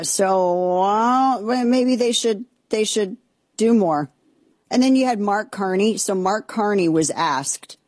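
A woman's voice: mid-range voice, dry recording. Exasperated woman ranting on air. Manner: exasperated, rambling, with restarts and sharp outbursts. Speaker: commentary show host. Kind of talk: opinionated political commentary.

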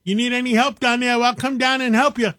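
A high-pitched man with a New York accent chats as a radio host. He is enthusiastic and rambling, piling thought onto thought. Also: fairly even intonation, brisk, sharp tone. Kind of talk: casual talk radio hosting.

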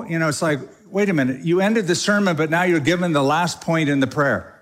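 A middle-aged pastor preaching to his congregation in a church, talking casually as if in conversation. His fairly high voice rises and falls a lot while he makes his points. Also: brisk, hardly any pauses. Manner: animated, conversational preaching with mock quoted prayers. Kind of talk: sermon. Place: church sanctuary before a congregation.

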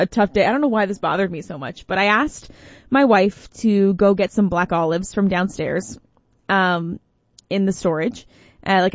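A woman radio host chatting casually, telling a story with lots of laughs and animated quoted lines. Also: medium pitch, dry recording, lo-fi sound.

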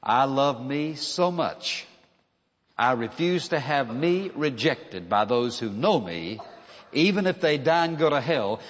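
An earnest man preaching in a church sanctuary, hammering home his points with repeated phrases. His voice sits at an ordinary male pitch, and the sound is a little dull and lo-fi. A long reverb trails after each phrase. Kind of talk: sermon.

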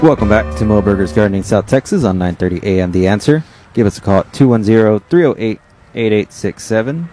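Low-voiced radio host. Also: male voice, lively intonation, fast talker, over music. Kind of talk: radio call-in show hosting.

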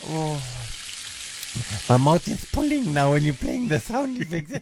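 A man's voice: a little high, very animated, a little slow, creaky, background noise, full character voice. A man voicing a gossipy middle-aged female agony aunt, giggly and theatrical, in a radio comedy sketch. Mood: dramatic. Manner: dramatic, giggly, swooping theatrical delivery.

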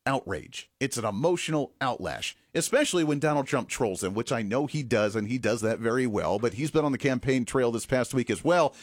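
A man's voice: medium pitch, lively intonation, fairly quick, few pauses, dry recording, studio quality. A man hosting a political commentary show, talking with sarcastic asides and the odd chuckle. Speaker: host.

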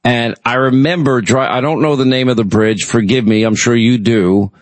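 A man's voice: mid-range voice, steady tone, moderate pace, no room sound. A man hosting a call-in radio show, telling rambling, chatty stories with lots of restarts. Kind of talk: casual talk radio chat.

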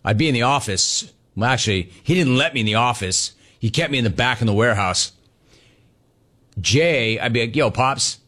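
A man hosts a casual sports talk show, reading listener messages and riffing playfully, his pitch jumping up for emphasis. His intonation is lively, his speed normal and his tone sharp.

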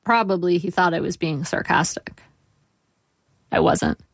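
A woman in her forties, an author, reading her first-person essay aloud in a measured, dryly wry way. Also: on the low side, wildly swooping pitch, no echo.

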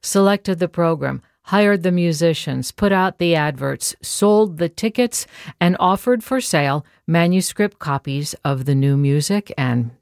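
A woman's voice: lowish voice, animated, unhurried, creaky, darkish tone, clean tone, no room sound. A woman hosting a classical music radio show from a studio, chatting playfully and introducing the next piece. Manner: playful, chatty, laughs at own lines. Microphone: studio microphone.

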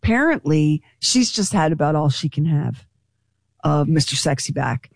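A woman's voice: sits low, vocal fry, no room sound, studio quality. A woman radio host chatting casually and gossiping with her co-hosts. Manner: gossipy and animated, quick asides.

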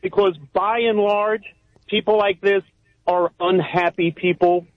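Man, caller, higher voice, calm advising tone, muffled dry line. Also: measured pace, no echo. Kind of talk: call-in talk.

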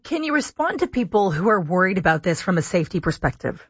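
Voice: mid-range voice, big pitch swings, fast, a bit bright, husky, dry recording, dull audio. Conversational radio host, dry sound. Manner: conversational, asks pointed questions. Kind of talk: radio call-in interview.

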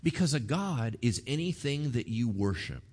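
A man preaching a sermon, telling the story in a lively, joking way. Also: medium pitch, moderate pace, slightly rough. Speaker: pastor.

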